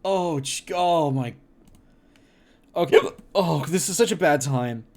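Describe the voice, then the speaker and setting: A man streaming casually, laughing often and reacting to things with loud mock horror and swearing. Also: a little high, takes it slowly, vocal fry. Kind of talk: casual livestream chat.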